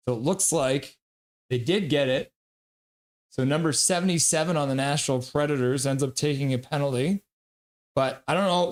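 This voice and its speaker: A man casually calling a hockey game play-by-play on a live stream, reading chat and laughing along. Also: on the high side. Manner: chatty, reads chat messages aloud, laughs often.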